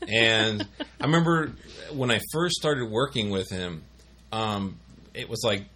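A man's voice: lowish voice, measured pace, bright, forceful tone. A man hosting a podcast, telling stories in casual chat and mimicking voices. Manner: chatty storyteller who mimics voices. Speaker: podcast host.

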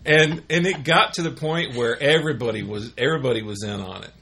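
A man's voice: mid-range voice, brisk, noisy background. A middle-aged man casually telling rambling office stories, full of fillers and restarts. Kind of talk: casual storytelling chat.

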